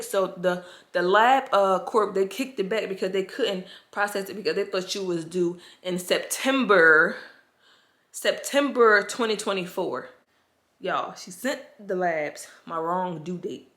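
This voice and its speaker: A woman's voice: mid-range voice, measured pace, fairly bright tone. A woman vlogging straight to camera. She is stressed and overwhelmed, and she talks to her viewers in an emotional, frustrated and anxious way, often calling them "y'all.". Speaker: pregnancy vlogger. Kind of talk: casual talk to camera.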